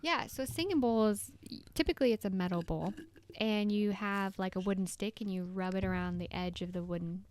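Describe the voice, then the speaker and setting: A woman energy healer, a podcast guest, telling a personal story in an animated way and tagging lines with "right?". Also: medium pitch, fairly quick. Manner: animated, acts out quotes, frequent "right?".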